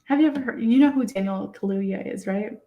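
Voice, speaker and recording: A woman's voice: mid-range voice, fairly quick, phone-quality sound. Chatty young woman hosting a podcast. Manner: chatty, excitable, laughs often. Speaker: podcast host. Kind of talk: casual chat.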